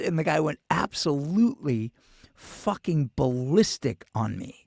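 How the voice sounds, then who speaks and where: A man's voice: fairly high pitch, expressive, unhurried, gravelly, a little mellow, breathy edge, no room sound, clean studio sound. A male show host with a New York accent, rambling through a profane, casual monologue full of restarts.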